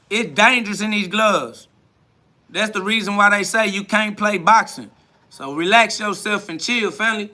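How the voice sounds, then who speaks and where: A man's voice: high voice, bright, forceful tone. A man hosting a live stream, boasting and trash-talking in a preachy, repetitive way, answering viewers' comments.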